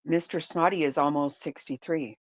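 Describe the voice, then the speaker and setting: A woman's voice: deep voice, fairly even intonation, moderate pace, no echo. A middle-aged woman hosting a casual live-stream chat, laughing often and exclaiming in disbelief as she reads and reacts.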